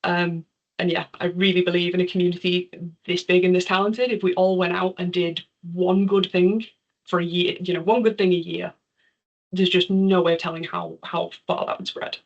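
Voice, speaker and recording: A woman with a mild accent from near Liverpool speaks in a low, easy voice. She gives an online conference talk and answers questions in a chatty, self-deprecating way. The audio comes through a somewhat muffled video call line. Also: flat delivery, normal speed. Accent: English, near Liverpool.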